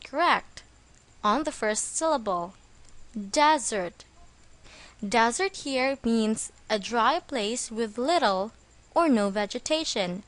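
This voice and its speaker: Woman teacher going over english words really slowly, kinda high voice, leans hard on the stressed syllables. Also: animated. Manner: slow, careful, stressing syllables. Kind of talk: scripted vocabulary lesson.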